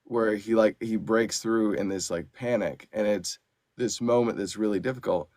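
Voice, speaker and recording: A man's voice: on the low side, fairly even intonation, moderate pace, a little mellow, no room sound, studio quality. A man who works as an audiobook narrator and actor, chatting casually in an interview and explaining at length with lots of fillers.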